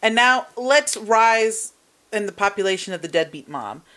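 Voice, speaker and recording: A woman's voice: medium pitch, animated, moderate pace, bright, forceful tone, a little hiss or hum. A young woman co-hosting a podcast, chatting casually and dropping short, dry quips. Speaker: podcast co-host. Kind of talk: casual chat.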